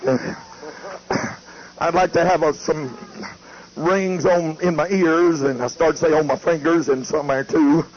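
A man's voice: on the high side, fairly even intonation, a little slow, slightly rough. A preacher putting on the voice of old Lot, a worldly patriarch coaxing his wife, with a folksy drawl and a wheedling, sweet-talking manner. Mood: giddy. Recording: muffled lo-fi tape with faint hiss.

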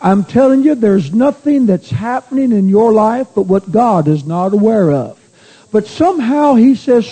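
A man's voice: high voice, animated, moderate pace, dark tone, breathy edge, rough recording. A middle-aged man, preaching a sermon as a pastor in a folksy storytelling way that builds to fervent exhortation.

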